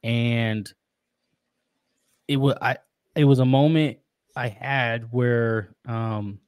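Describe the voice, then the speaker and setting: A man's voice: mid-range voice, steady tone, very slow, smooth, no room sound, clean studio sound. A man guesting on a podcast, talking about being a father in an earnest, reflective way, often restarting his sentences. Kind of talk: casual interview talk.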